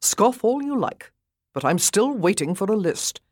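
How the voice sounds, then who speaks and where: A woman's voice: medium pitch, sing-song, a little slow, a little mellow, no room sound, clean studio sound, voice pushed up. A woman reading as a blunt, impatient young earl who thinks mostly of horses, speaking in curt commands.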